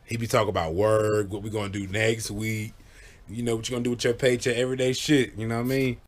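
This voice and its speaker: A vlogger with a fairly low voice, quick pace, and flat delivery tells stories casually into the camera. Laid-back and profane, he keeps checking in with listeners, repeatedly saying "you know what I'm saying."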